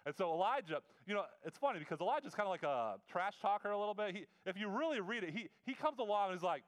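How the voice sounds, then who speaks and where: A male preacher retelling a story in a sermon, in a casual, animated way with asides and quick restarts. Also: high voice. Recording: long reverb of a large hall.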